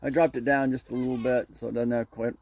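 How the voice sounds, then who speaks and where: A man hosting a casual farm vlog outdoors, calmly explaining his chores to viewers while filming on a handheld action camera. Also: mid-range voice, fast, a little hiss or hum. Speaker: vlog host. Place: outdoors in a goat yard and barn.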